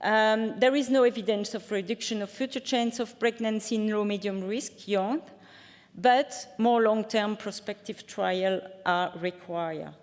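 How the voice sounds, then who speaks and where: A woman's voice: medium pitch, a little slow. A woman giving an academic conference talk and answering questions, hesitant with frequent fillers and restarts. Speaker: conference speaker. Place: conference hall. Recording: reverberant conference hall.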